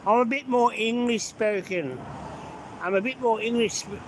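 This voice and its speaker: A man's voice: extremely high pitch, moderate pace. A man chatting with live viewers while he drives, greeting them by name and answering their comments. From Australia. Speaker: live-stream host. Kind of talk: casual live-stream chat while driving. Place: inside a car on city streets. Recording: car road noise behind the voice.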